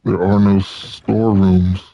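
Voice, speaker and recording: Male gamer, deep and unhurried, joking commentary, dry muffled lo-fi mic. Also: little pitch movement, no echo. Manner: joking, laughs at himself. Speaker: let's play gamer. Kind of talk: casual gameplay commentary.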